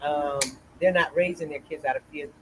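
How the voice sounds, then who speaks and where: A woman's voice: low voice, fairly even intonation, normal speed, a little hiss or hum, low-quality recording. An older woman hosting a casual chat, telling rambling stories with many restarts. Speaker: host.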